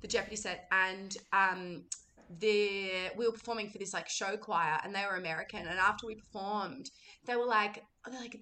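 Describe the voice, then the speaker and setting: Australian woman, casual chat, animated storytelling, bright tone, faint background noise. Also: medium pitch. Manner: animated storytelling, quick asides.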